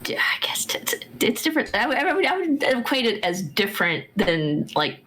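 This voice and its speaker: A woman's voice: on the high side, sing-song, brisk, fairly bright tone, low-quality recording. A woman in casual chat, talking animatedly about accents.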